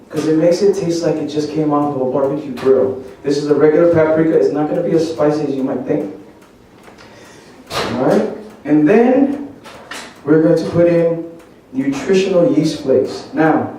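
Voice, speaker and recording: A man's voice: on the high side, mellow, a little hiss or hum. A man giving a live cooking demonstration, chatty and joking as he quizzes his audience. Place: large echoey church hall. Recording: very echoey hall, mic at a distance.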